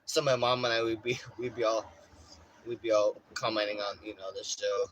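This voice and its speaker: A man chatting casually in a vlog from inside his RV, rambling and swearing, getting animated when he acts out stories. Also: fairly low pitch, normal speed, slight background noise, low-quality recording. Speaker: vlogger. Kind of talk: casual chat.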